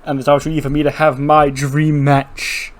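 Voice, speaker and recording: A man's voice: on the high side, monotone, brisk, lightly acted. A man doing a brash wrestling champion promo. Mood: boastful. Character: brash boastful male pro wrestler champion.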